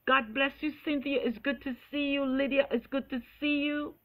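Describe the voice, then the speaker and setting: High-voiced woman pleading, tinny phone sound. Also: flat delivery, normal speed. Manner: earnest, pleading, repetitive intercession. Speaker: preacher. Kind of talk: live-streamed sermon and prayer.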